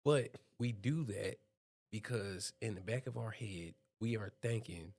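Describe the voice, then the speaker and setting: A young man co-hosting a podcast, talking earnestly and thoughtfully in a relaxed chat. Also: lowish voice, unhurried. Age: young adult. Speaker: podcast co-host. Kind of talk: casual conversation.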